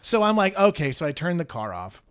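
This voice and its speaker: A man co-hosting a podcast, telling a story in casual chat, animated and laughing, acting out quotes with plenty of swearing. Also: on the high side, a little fast, clean tone. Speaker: podcast co-host.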